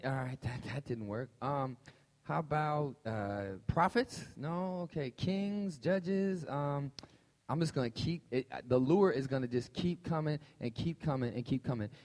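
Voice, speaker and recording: A man preaching a conversational, animated sermon and telling a personal story to his congregation. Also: mid-range voice. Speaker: pastor. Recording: long hall reverb.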